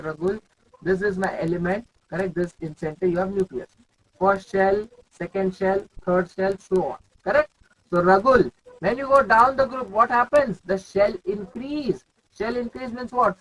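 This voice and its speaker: Here the voice is high and a bit bright, captured on a low-quality recording. It belongs to a young man with an Indian English accent who teaches chemistry live online, naming students and repeating his questions.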